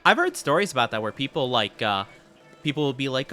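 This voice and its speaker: Playful, bright-voiced male game streamer. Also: medium pitch, very animated, fairly quick, faint music behind. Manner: playful, flustered denials when chat teases. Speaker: VTuber streamer. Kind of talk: live gameplay stream commentary, reading chat.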